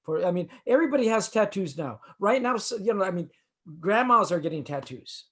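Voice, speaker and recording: A man in his sixties from East Los Angeles, a musician guest telling a story in casual chat, rambling and halting with many restarts. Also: sits high, lively intonation, a bit bright.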